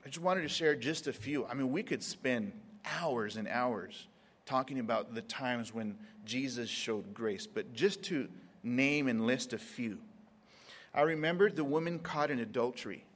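A man preaching a sermon in a mid-pitched voice. He stretches key words, leaves long pauses, and slips into quoted voices to act out scenes. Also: long reverb tail. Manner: dramatic pauses, acts out Bible scenes in quotes.

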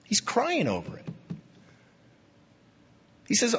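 A man preaching a sermon with deep feeling, his voice going from hushed to emphatic. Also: huge pitch swings, slow pace, pauses often, slightly rough. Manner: emotional, swinging from hushed to emphatic. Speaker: pastor. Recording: dull lo-fi sound with long hall reverb.

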